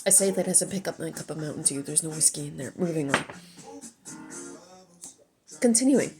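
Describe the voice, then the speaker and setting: A woman's voice: sits low, expressive, a little fast, long pauses, music in the background, poor audio. A woman reading her own story aloud, breaking off for chatty, self-deprecating asides.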